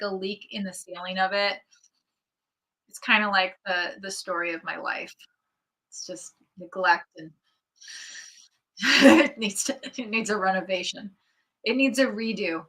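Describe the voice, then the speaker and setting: A woman's voice: medium pitch, sharp tone, rough recording. A woman hosting a casual livestream, chatting and giggling as she reads out viewer comments and answers them. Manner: giggly, rambling with many likes. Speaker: streamer hosting a live chat.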